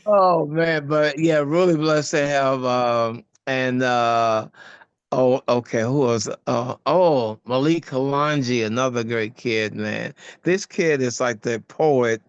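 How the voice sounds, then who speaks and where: A man's voice: mid-range voice, fairly even intonation, slow pace, smooth, dry recording, dull audio. An older man, a guest actor, telling stories in a casual interview, rambling and searching for words, laughing often. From United States.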